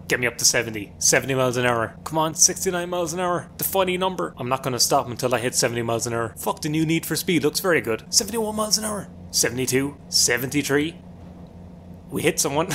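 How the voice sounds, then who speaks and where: A man's voice: mid-range voice, a bit bright, slight background noise. A young Irish man with an Irish accent giving sarcastic, self-mocking commentary while playing a game at a desk mic. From Ireland. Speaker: gaming YouTuber. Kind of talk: playthrough commentary. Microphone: desk mic with pop filter.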